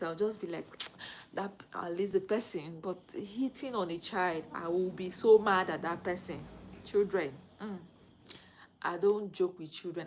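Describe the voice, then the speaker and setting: A woman's voice: fairly low pitch, a little hiss or hum, poor audio. A Nigerian woman, a mother in her thirties, chatting casually on a live stream, greeting viewers and laughing often.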